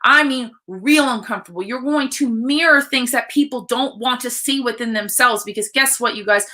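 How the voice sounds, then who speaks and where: A woman coach talking to viewers on a livestream, blunt and excited, swearing freely as she speaks. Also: a little high, moderate pace. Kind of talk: casual live-stream talk.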